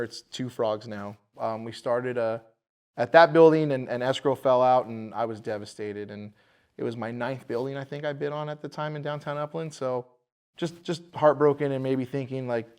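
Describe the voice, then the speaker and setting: Man telling a lively business story. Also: medium pitch, fairly quick, smooth. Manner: animated storyteller acting out quoted voices. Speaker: bar owner, podcast guest. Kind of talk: casual storytelling interview.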